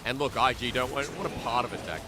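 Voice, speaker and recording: A young Australian man calling esports play-by-play, whose rapid calls climb to shouts during fights. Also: medium pitch, noisy background.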